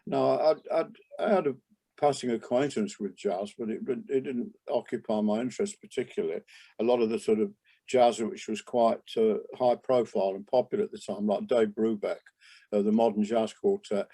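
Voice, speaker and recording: An older man, a jazz trumpeter, reminiscing in a relaxed interview, rambling with many restarts and asides. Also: on the low side, normal speed, gravelly. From England.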